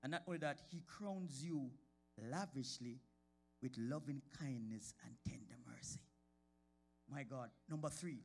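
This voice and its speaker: At a measured pace, with faint music behind him, a man preaches a sermon in a church sanctuary. His voice climbs from quiet talk to shouts at the high points, and he names members of the congregation.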